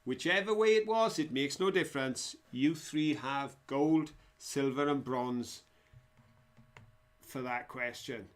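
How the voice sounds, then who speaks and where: A man's voice: medium pitch, slow pace. A man hosting a live online quiz, chatty and jokey as he reads out viewers' answers. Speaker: quiz host.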